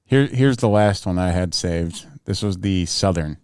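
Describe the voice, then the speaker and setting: A man co-hosting a casual podcast who chimes in with short questions. His voice sits on the low side, and the sound is dry and close. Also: measured pace, a little mellow, clear, resonant tone, dry recording. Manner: brief questioning interjections. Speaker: podcast co-host. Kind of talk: casual chat.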